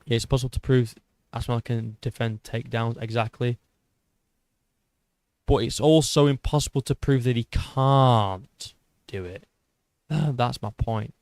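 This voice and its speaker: A man in his twenties with a British accent, hosting an MMA channel and reading viewer comments in a casual livestream chat. He swears often, restarts his sentences and argues with a rough edge. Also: medium pitch, unhurried, long pauses, darkish tone, no room sound. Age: 20s. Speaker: YouTube MMA channel host.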